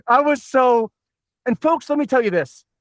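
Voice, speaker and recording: A middle-aged man from the Southern United States hosting a casual podcast, rambling and swearing excitably. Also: very high voice, moderate pace, no room sound, studio quality. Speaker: podcast host.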